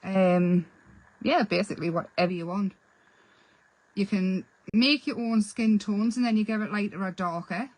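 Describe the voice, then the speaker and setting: A woman's voice: mid-range voice, moderate pace, a little mellow, no room sound, rough recording. A woman hosting a casual painting tutorial, chatty and self-deprecating as she explains while she works. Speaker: craft channel host.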